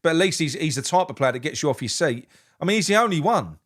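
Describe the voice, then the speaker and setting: A man hosting a live football reaction stream, answering chat and venting his anger. He swears freely and often restarts his sentences. His voice sits a little higher than most men's. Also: lively intonation, fast talker, fairly bright tone. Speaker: fan channel host.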